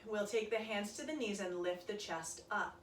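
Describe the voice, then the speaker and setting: A woman guides a yoga session in a calm, soft-spoken way, cueing each breath and stretch. Her voice sits at an ordinary middle pitch. The sound is roomy and echoing, picked up from some distance with faint background hiss. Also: moderate pace. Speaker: yoga instructor. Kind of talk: guided yoga class instruction. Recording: echoey room, voice from a distance.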